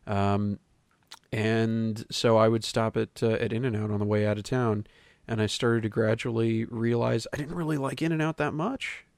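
A man with a fairly low voice talks in a relaxed, rambling way. His humor is dry, he drifts off on tangents, and the recording is close and dry. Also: normal speed, creaky, no room sound. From Texas. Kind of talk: casual chat.

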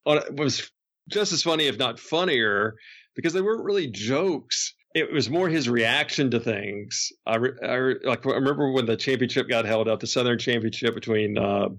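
A man's voice: medium pitch, moderate pace, fairly bright tone. A man who is a podcast guest, casually telling rambling anecdotes with frequent chuckles and restarts.

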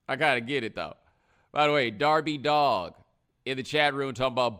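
Animated slangy man hosting a live stream. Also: medium pitch, moderate pace, clear, resonant tone. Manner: animated, slangy, acts out other people in quotes. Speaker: host. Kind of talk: casual live-stream commentary.

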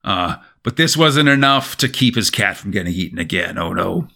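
A man co-hosting a podcast, casually retelling a comic's plot with lively storytelling and lots of "sort of" hedges. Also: deep voice, moderate pace, vocal fry. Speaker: podcast co-host. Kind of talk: casual chat recapping a comic.

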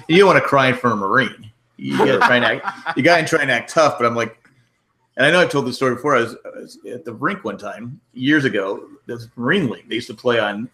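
A man's voice: mid-range voice, fast, pushed and bright. A man co-hosting a podcast, telling anecdotes in casual chat and laughing through his stories. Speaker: podcast co-host.

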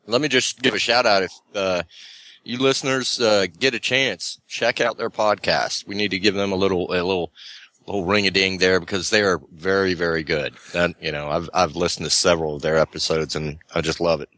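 Low, bright-toned wisecracking co-host. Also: male voice, steady tone, fairly quick, no room sound. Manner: wisecracking, short replies. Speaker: podcast co-host. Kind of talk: casual podcast chat over a call. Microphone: cheap call headset.

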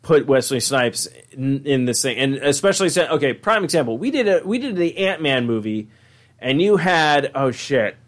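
Rambling podcast host man, lively pitch. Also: moderate pace. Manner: goofy, rambling, breaks into silly voices. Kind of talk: casual chat.

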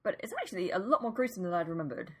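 A woman co-hosting a podcast, reading a film synopsis and chatting in a relaxed way with many "um"s. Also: lowish voice, racing, a little hiss or hum. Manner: relaxed, hedging with "um" and "uh". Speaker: podcast co-host. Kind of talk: casual chat and read synopsis.

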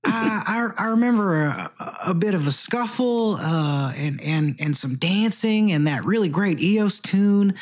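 A man's voice: high voice, animated, unhurried, hardly any pauses. Man playing a tabletop game, drawling banter. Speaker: player.

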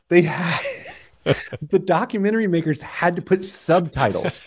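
A man in his forties hosting a personal finance podcast, telling stories in an animated way, laughing often and wandering off on tangents. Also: sits high, slightly rough. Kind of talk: casual chat.

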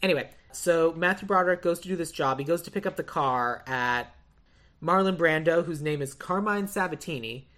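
A woman hosting a podcast, retelling a movie's plot in a casual, chatty way with quick asides and laughs. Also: low-pitched, a bit bright. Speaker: podcast host. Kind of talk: casual movie recap chat.

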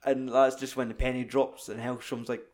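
A man's voice: mid-range voice, level tone, darkish tone. Sweary scottish guy chatting films. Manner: sweary, acts out movie lines in quick voices. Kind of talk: casual film discussion.

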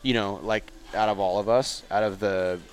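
A young man with a lowish voice chats as a podcast guest. He rambles easily, restarting his sentences and trailing off, and sounds unhurried. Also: soft background music. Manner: relaxed and rambling, with many restarts and fillers. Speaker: professional baseball pitcher, guest. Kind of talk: casual chat.

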